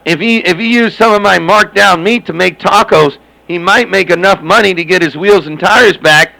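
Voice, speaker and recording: A man's voice: high-pitched, moderate pace, gravelly, bright, forceful tone, low-quality recording. A man chatting and joking over CB radio, repeating himself and calling out to other operators by handle. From Southern California.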